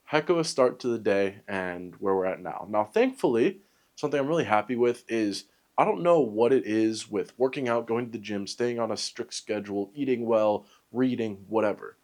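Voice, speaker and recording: A man's voice: on the low side, lively intonation, normal speed, darkish tone. A young man talking casually to camera for his fitness vlog, rambling and upbeat with lots of fillers and little self-jokes. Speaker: fitness vlogger.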